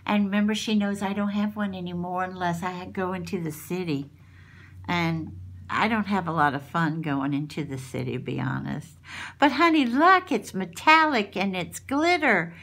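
Slow-talking woman, gushing. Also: medium pitch, a bit bright. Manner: gushing, exclaiming over each item. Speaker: craft channel host. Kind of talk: casual unboxing chat.

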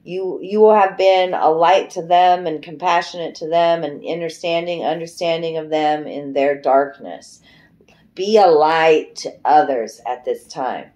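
A deep, slightly mellow female voice belongs to a middle-aged tarot reader. Casual and emotive, she chats loosely through the reading, swears freely and breaks into song at times.

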